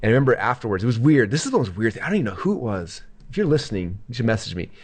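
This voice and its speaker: Fast-talking man telling a story. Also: mid-range voice, very animated, husky. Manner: rapid, filler-heavy, acts out quoted lines. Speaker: guest entrepreneur. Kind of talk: casual storytelling.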